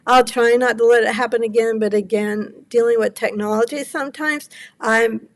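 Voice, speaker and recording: Older lady in her 70s chatting on her craft stream, gravelly voice, rambling and sorry, kinda teary. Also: a little high, steady tone, normal speed. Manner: apologetic, rambling, greets chatters by name. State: near tears. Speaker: cardmaking livestream host. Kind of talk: casual chat with live viewers.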